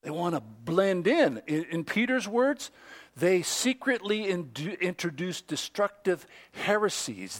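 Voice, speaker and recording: A pastor with a high, very animated voice preaches unhurriedly, acting out the voices he quotes. He swings between loud outbursts and hushed asides.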